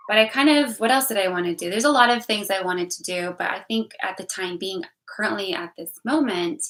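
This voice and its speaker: A young woman speaks candidly to her camera in a personal vlog. Her voice is bright and ringing, set at an ordinary middle pitch. She rambles emotionally, restarting sentences and repeating words as she goes. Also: fairly quick, rough recording. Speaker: vlogger.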